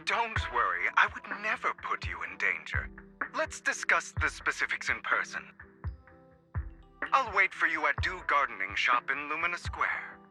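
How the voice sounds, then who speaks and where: An actor voicing a suave, theatrical adult man who schemes in secret, in a video game, with a smooth, sing-song delivery. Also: on the high side, huge pitch swings, normal speed, over music. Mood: coaxing. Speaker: game character.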